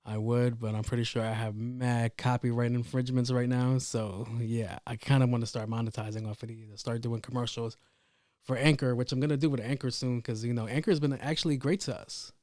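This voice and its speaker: A man hosting a casual solo podcast, telling a story about his day in a profane, rambling, animated way. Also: medium pitch, a little fast, no echo, clean studio sound. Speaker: podcast host.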